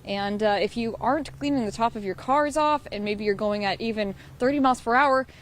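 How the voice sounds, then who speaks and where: A woman's voice: a little high, brisk, slight background noise. A young woman, a TV weather anchor and field reporter, explaining forecasts in an upbeat broadcast manner.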